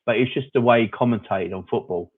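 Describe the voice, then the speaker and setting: A man's voice: medium pitch, fast, slightly rough. A man hosting a casual live-stream chat, answering viewers by name in a rambling, opinionated way. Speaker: fan channel host reading live chat. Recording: phone-like narrow audio.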